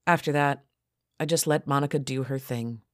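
A woman reads a first-person erotic story as an audiobook, telling it at a steady, even pace. Her voice sits very low for a woman. The recording is close and completely dry. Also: moderate pace, dry recording. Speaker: audiobook narrator.

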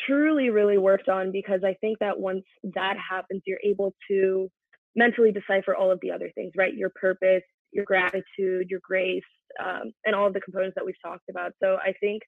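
A woman's voice: mid-range voice, gravelly, dry recording. A woman in her twenties, a podcast guest, talking in an earnest, reflective way, working through her feelings openly in casual conversation. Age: 20s. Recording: tinny phone-like line, dry.

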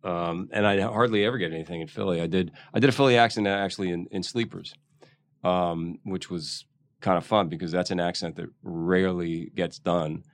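A man's voice: deep voice, fairly even intonation, a little fast, dry recording. A man in his sixties from Philadelphia, a guest actor in a casual interview, talking thoughtfully and searching for words.

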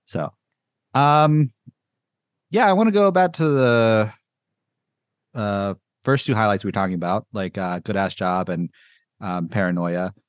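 A man hosting a podcast in casual chat, rambling and excitable with lots of filler words. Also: on the low side, a little slow, long pauses, clear, resonant tone, no room sound, studio quality. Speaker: podcast host. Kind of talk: casual chat reviewing music.

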